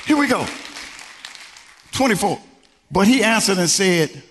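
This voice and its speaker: A male pastor preaching a sermon in a style, swinging from low murmurs to high exclamations. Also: lively intonation, measured pace, pauses often, fairly bright tone, a faint crowd, a little hiss or hum. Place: church sanctuary. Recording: long reverb from a large church hall.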